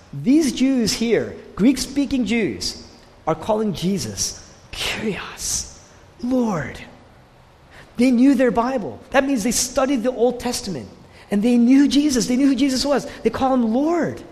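A man preaching a sermon, emphatic and repeating key phrases, sometimes dropping to a hushed voice for stress. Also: high-pitched, long reverb tail.

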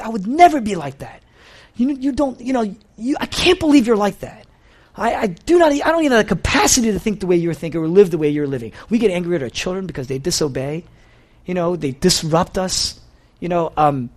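A man with a somewhat high voice gives a sermon in an easy, conversational way. He sounds earnest and confessional, and he often restarts his sentences and fills pauses with "you know". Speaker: pastor.

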